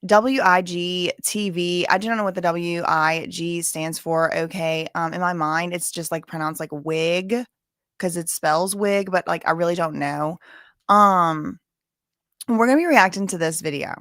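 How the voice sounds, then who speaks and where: A woman's voice: on the low side, a little slow, a bit bright, no room sound. Woman livestream host, Cajun accent, rambling casual chat, close dry mic. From Louisiana. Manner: chatty, rambling, with filler words and asides.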